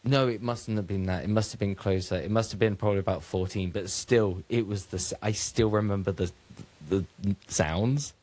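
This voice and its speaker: A man with a lowish voice trades loose, crude jokes with his co-host. He goes off on rambling tangents in relaxed podcast banter. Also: normal speed. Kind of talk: casual comedic podcast banter.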